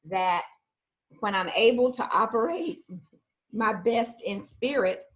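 A woman's voice: on the high side, expressive. A woman in a casual conversation, speaking thoughtfully. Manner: slow, thoughtful.

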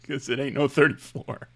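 A man's voice: mid-range voice, a bit bright. A man co-hosting a podcast in casual chat, trading wry jokes and banter. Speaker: podcast co-host.

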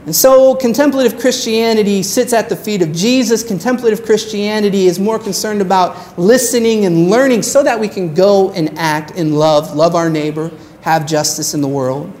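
A woman pastor preaching a sermon in an earnest way, slowing down on her key phrases. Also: mid-range voice, a little mellow.

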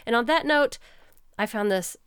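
A woman co-hosting a podcast in relaxed, casual conversation. Her voice is smooth and clear, recorded close and dry with no room sound. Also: fairly high pitch, normal speed, no echo. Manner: chatty, animated when amused. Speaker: podcast co-host.

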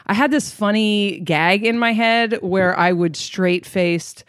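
A woman's voice: mid-range voice, slow pace, clean tone, no echo, studio quality. A woman hosting a podcast in casual chat, self-mocking and swearing freely, tired after a long day. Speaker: podcast host.

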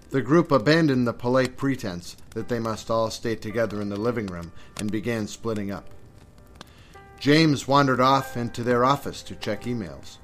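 A man narrating a scripted suspense story in a measured way, over faint music. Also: medium pitch, a bit bright.

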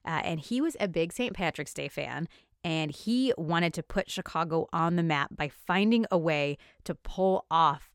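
A woman hosting a vintage history podcast, with a fairly low voice. She tells her researched stories in a lively, chatty way. The recording is dry and close. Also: a little slow, clean tone, dry recording. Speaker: podcast host. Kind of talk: casual podcast chat, reading researched history.

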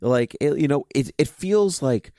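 A man's voice: medium pitch, expressive, a little slow, warm tone, dry recording, clean studio sound. A man co-hosting a podcast in a casual chat, rambling and leaning heavily on "you know" as he thinks aloud. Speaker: podcast co-host.

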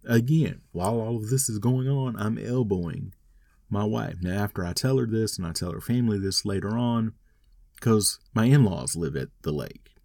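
A man's voice: on the low side, moderate pace, vocal fry, darkish tone, no room sound, studio quality. A man telling a rambling, wry personal story in a casual monologue. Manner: rambling, wry, self-deprecating.

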